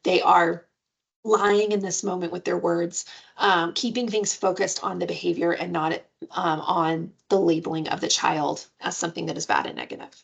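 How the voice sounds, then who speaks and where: A woman presenting a parenting webinar in a conversational way, often checking in with "right?" and sometimes jumping into playful high voices for examples. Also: steady tone, normal speed, creaky, slightly rough. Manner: jumps into playful high-pitched voices when giving examples.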